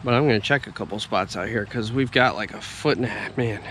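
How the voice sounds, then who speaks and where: A man's voice: fairly low pitch, quick pace, a bit bright, slight background noise. A man who runs heavy equipment, talking casually as he walks a building site, grumbling and explaining his work step by step. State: chewing a little. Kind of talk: casual walk-and-talk vlog.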